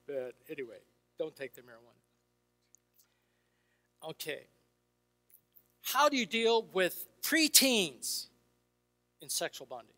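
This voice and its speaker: A man's voice: on the high side, bright, forceful tone. An older man, a Christian counselor, telling stories to an audience and acting out the dialogue in shifting voices. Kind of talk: storytelling talk to an audience. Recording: reverberant hall with faint music.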